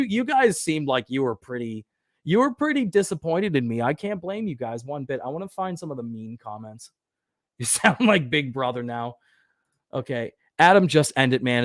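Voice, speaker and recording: A man's voice: medium pitch, dry recording, studio quality. A man hosting his own livestream aftershow, chatting casually, swearing often and poking fun at himself while reading viewer comments. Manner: profane, self-deprecating, rambling; reads viewer comments aloud. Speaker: livestream host. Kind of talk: casual solo livestream chat.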